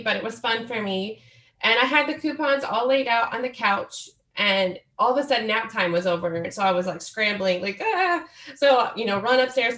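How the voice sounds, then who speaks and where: A woman's voice: on the high side, fairly bright tone, echoey room. A woman in her forties, a guest author telling her story in an earnest, reflective way during a podcast interview. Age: 40s.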